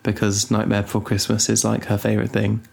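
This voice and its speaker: A young man co-hosting a casual podcast, rambling and teasing with deadpan asides. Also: lowish voice, quick pace, creaky. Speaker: podcast co-host. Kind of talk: casual chat.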